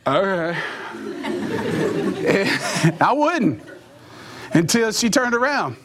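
A middle-aged man with a high-pitched voice gives an animated, comic storytelling talk. He switches into other voices and makes sound effects as he goes. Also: very slow, crowd noise, background noise. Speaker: motivational speaker.

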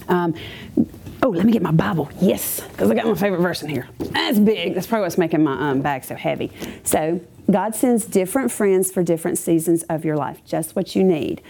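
A woman's voice: lowish voice, creaky, dark tone, a little hiss or hum. A woman schoolteacher giving a chatty, humorous faith testimony to a live audience, full of asides. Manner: chatty, self-deprecating and humorous, with many asides.

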